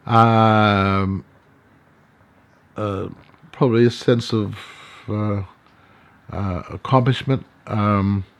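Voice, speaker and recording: An older Australian man, an artist and elder, telling his story in an interview, halting, with many fillers and restarts. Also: on the low side, steady tone. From Central Australia.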